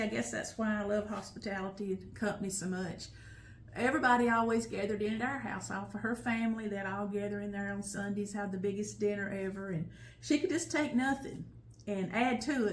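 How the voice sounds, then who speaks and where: A woman's voice: medium pitch, steady tone, fairly quick, roomy sound, a little hiss or hum. An older woman, reminiscing at home in a heartfelt, emotional way that often breaks into laughter. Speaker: home vlog host. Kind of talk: personal reminiscing storytelling. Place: at home, indoors.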